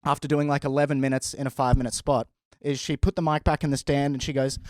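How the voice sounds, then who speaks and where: Male comic, animated storyteller, dry close sound. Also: medium pitch, fast talker, few pauses, no echo. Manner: animated, laughs often while telling. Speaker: stand-up comedian. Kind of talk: casual storytelling.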